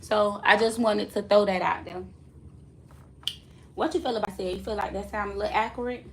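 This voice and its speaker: A woman's voice: mid-range voice, normal speed, a little hiss or hum. A woman loc stylist, chatting casually and teasingly to her viewers in a salon vlog. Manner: chatty, animated, teasing, laughs often. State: recovering from a choking fit.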